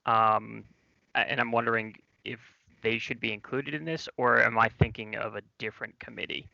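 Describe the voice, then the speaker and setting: Gravelly man asking a hesitant question. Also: fairly low pitch, steady tone, moderate pace, pushed and bright, dry recording. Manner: hesitant, apologetic, many fillers. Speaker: board member. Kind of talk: meeting discussion. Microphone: video call. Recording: dry lo-fi video call audio.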